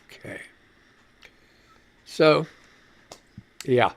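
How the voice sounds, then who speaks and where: A man's voice: a little high, expressive, slow pace, gravelly, long pauses. A man hosting a live radio show, muttering and swearing in frustration while fixing his stream setup. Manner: swears casually. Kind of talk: casual live-stream commentary.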